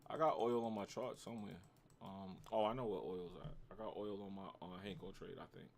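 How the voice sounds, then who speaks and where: A man's voice: low-pitched, steady tone, brisk, gravelly, slight background noise. A man with a New York accent, hosting a casual trading livestream, bantering with his chat in slangy talk and reacting to his trades.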